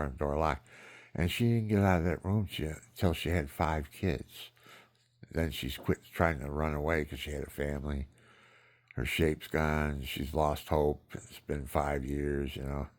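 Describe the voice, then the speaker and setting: Gravelly-voiced man in his seventies. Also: rumbling low. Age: 70s. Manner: meandering, frank, chuckling. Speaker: vlogger. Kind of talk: rambling personal storytelling.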